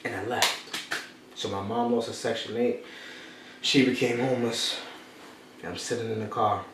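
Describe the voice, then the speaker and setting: A man's voice: mid-range voice, fairly even intonation, moderate pace, far from the mic. A man, telling a personal story as a motivational podcast host. He repeats his key phrases like a preacher. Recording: echoey room, off-mic, faint noise.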